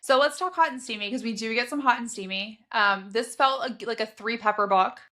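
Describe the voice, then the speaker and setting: A woman's voice: fairly high pitch, fairly quick, bright, forceful tone. A woman co-hosting a casual book podcast, chatty and enthusiastic. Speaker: podcast co-host.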